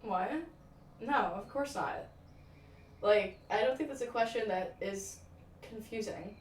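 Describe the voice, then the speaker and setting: A woman's voice: mid-range voice, slow pace. Chatty young woman streaming from afar. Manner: chatty, dramatic, swears freely, many "like" and "um" fillers. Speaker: livestreamer. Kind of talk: casual chat, answering viewer comments. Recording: roomy echo, distant from the mic, faint ambient noise.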